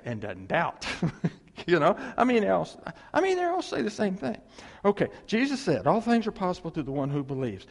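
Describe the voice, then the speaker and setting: This preacher's voice runs on the high side and echoes like a big room. Animated throughout the sermon, he performs quotes and invites the congregation to respond.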